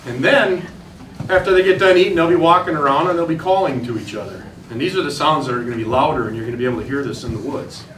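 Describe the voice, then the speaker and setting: A crowd can be heard behind this fast-talking man, whose voice is on the high side. With an Upper Midwest American accent, he's a turkey hunting instructor giving hunters a plain, folksy outdoor demonstration, step by step. The recording is roomy, the voice distant, the ambience faint.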